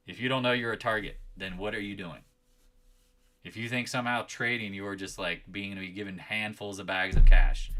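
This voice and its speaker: Man ranting loudly about trading. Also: lowish voice. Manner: ranting, scolding, raising his voice. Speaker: trading channel host. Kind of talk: live market chat rant.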